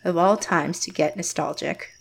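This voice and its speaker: An actress playing a closed-off, reserved young woman, narrating her story in first person in a quiet, measured way. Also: fairly low pitch, creaky. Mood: guarded. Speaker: narrator and lead character.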